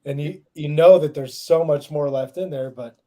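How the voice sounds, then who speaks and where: Relaxed male co-host with a warm, mellow voice who keeps the chat moving with easy questions. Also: on the high side, moderate pace. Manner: laid-back, laughs often, asks guests questions. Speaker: podcast co-host. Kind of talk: casual chat.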